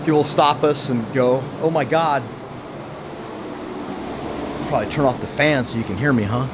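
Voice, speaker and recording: A man's voice: medium pitch, fast, background noise. A man chatting casually in his home welding shop, rambling with lots of fillers and restarts. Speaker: vlogger showing his shop. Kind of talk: casual vlog chat.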